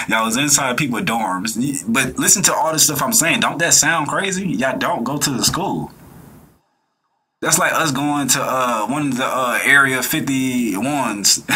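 Young male reaction streamer, bright husky voice, blunt and insistent. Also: mid-range voice. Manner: blunt, emphatic, repeats his point. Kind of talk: casual reaction commentary.

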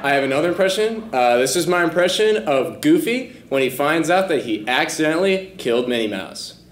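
A man with a slightly high, very lively voice hesitates through an audition in a comedy sketch. He sounds awkward and keeps breaking into silly voices. The room is echoey, with faint music behind. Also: brisk, slight background noise.

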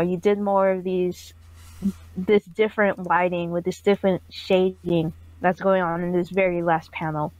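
A woman's voice: medium pitch, no room sound, low-quality recording. A woman rambles happily through her thoughts on a comic, bubbly and playful. Her voice sits in a middle range. The sound is dry and close. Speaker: co-host reviewing comics. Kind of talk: casual podcast critique.

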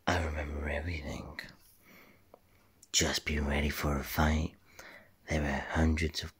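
A man whispering in a hushed voice to play a grim soldier in a game. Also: a bass voice, flat delivery, measured pace, husky, voice pushed down, full character voice.

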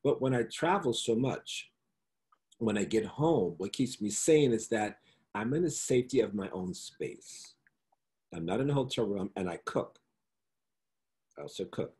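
A middle-aged man, a guest in a casual interview over a video call, telling animated stories and slipping into the accents and voices of the people he quotes. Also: on the low side, unhurried, long pauses. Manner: flamboyant, animated storyteller who slips into voices and accents.

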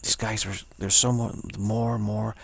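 In a gravelly, low-sitting voice with flat delivery and no hurry, a spiritual teacher reflects casually aloud. He rambles through a spiritual story, repeating himself and restarting often, while nursing a sore throat.

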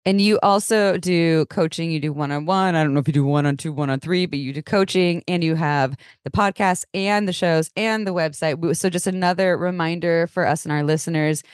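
A woman's voice: fairly low pitch, fairly quick, few pauses, smooth, dry recording, clean studio sound. A woman co-hosting a podcast, joking and laughing often in casual chat. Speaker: podcast co-host.

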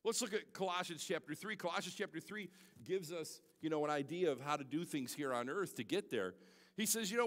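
A male pastor preaching a sermon in a church, swinging from shouted exclamations to soft, near-tearful asides. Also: fairly high pitch, very animated, quick pace. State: holding back tears. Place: church sanctuary. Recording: long hall reverb.

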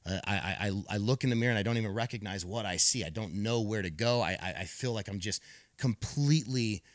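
A man's voice: lowish voice, fast, no room sound. A man in his thirties, a podcast guest, telling his personal story candidly, repeating words as he restarts and acting out what others said.

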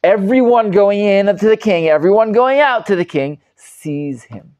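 Rabbi teaching a live class, animated and emphatic, slightly high voice, dull lo-fi sound. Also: male voice, measured pace, smooth. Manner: animated, emphatic, many restarts and repeated words. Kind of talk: live Torah class with student questions.

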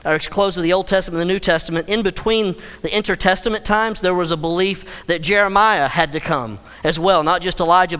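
A male pastor preaching a sermon, emphatic, with dramatic slowdowns and playful acted-out quotes. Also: high voice, fairly bright tone, smooth, big-room sound. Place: church sanctuary.

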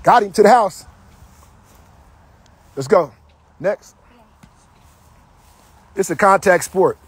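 A man coaching football drills outdoors, barking commands and teasing his players with loud, energetic trash talk. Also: high voice, slow pace, husky.

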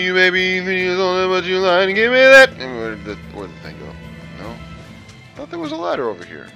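A man's voice: mid-range voice, bright, forceful tone. A man hosting a casual let's play, brash and trash-talking as he reads game lines aloud and mocks them. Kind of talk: casual gameplay commentary.

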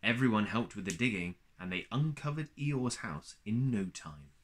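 Expressive low-voiced male storyteller. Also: moderate pace. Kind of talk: children's story reading.

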